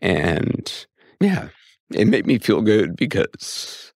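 A man talks as a guest in a relaxed interview, thoughtful and a little hesitant. He often restarts and fills pauses as he searches for words. His voice sits very low and sounds dry and close to the mic. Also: gravelly, no room sound. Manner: reflective, hesitant with fillers and restarts. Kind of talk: conversational interview.

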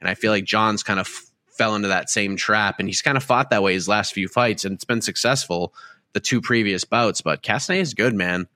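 A man's voice: lowish voice, brisk, bright, forceful tone, dry recording, clean studio sound. A man hosting a casual post-fight podcast, talking in a chatty, rambling way with many restarts. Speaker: host.

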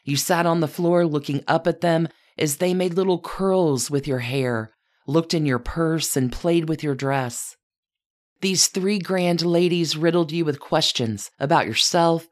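A woman narrating a scripted biographical story with a strikingly deep voice. She speaks in a measured, even way and addresses her subject directly. Her delivery is composed and deliberate. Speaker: podcast narrator.

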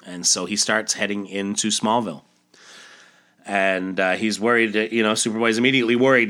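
Chatty man with a bright voice. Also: fairly low pitch, steady tone, normal speed. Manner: chatty, many fillers and asides. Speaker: storyteller. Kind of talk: casual comic book read-aloud.

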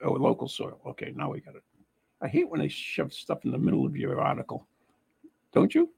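Gravelly, lively-voiced man reading aloud. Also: a little high, no room sound. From United States. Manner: reads aloud haltingly with frequent laughs and asides. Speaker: host. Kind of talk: casual chat reading an article.

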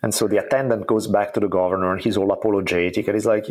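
A man's voice: lowish voice, fairly even intonation, fairly quick. A man hosting a podcast, telling stories in a rambling, casual way with the occasional swear word and laugh. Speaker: podcast host. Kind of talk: casual conversational interview.

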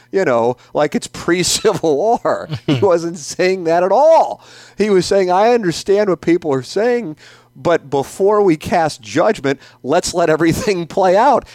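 Animated, profane middle-aged male podcast host. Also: a little high, dry recording. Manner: profane, animated, repeats himself for emphasis. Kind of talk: opinionated casual rant.

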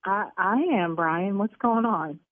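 A woman who owns a lash salon argues on a phone call, exasperated, loud and cursing. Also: mid-range voice, takes it slowly, dry recording. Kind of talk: heated prank-call argument. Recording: tinny phone line.

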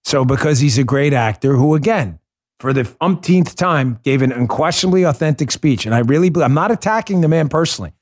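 A man's voice: fairly high pitch, animated, brisk. A man hosting a political talk show, speaking in an impassioned, emphatic way and repeating words for stress. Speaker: podcast host.

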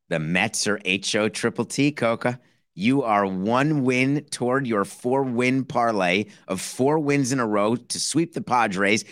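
Animated sports podcast host, dry close mic. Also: male voice, no room sound. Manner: animated, rhetorical, acts out quoted phone calls in a lower voice. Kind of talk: casual solo sports commentary.

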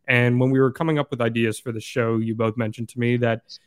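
A man hosts a casual interview podcast, guiding his guests with easygoing questions and an occasional "uh." His voice sits at a middle pitch. The sound is dry and close to the mic. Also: brisk, smooth, no room sound. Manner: steady, guiding questions with filler "uh". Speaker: podcast host.

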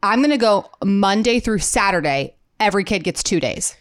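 A woman's voice: medium pitch, moderate pace, dry recording. Midwestern woman in her thirties, co-host, mid-range voice, dry studio sound. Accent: Midwestern American. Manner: chatty, animated storytelling with frequent laughs. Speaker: podcast co-host. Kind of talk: casual chat.

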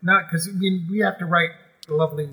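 A man with a notably high voice tells stories from his theatre career as a guest in a relaxed interview. His tone is bright and ringing, and he speaks animatedly, with feeling, often stumbling and restarting mid-sentence. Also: brisk, slightly rough, low-quality recording. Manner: animated, emotional storyteller with many restarts. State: moved to tears at times. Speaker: musical theatre performer, guest. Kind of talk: casual interview storytelling.

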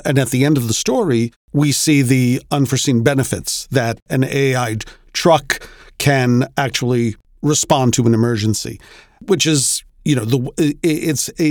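A man's voice: mid-range voice, dry recording, clean studio sound. A man hosting a podcast, discussing stories in a thoughtful, casual way and searching for words. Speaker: podcast host.

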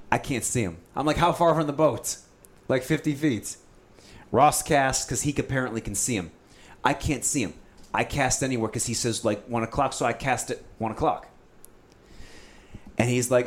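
A man telling a fishing story in casual chat, animated and often saying "dude.". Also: mid-range voice, moderate pace, pauses often.

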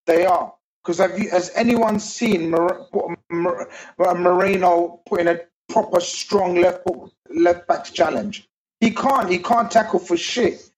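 Guy ranting about football, high voice, swears a lot. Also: takes it slowly, rough recording. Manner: animated, swearing football rant. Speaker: football podcast panelist. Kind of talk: casual chat.

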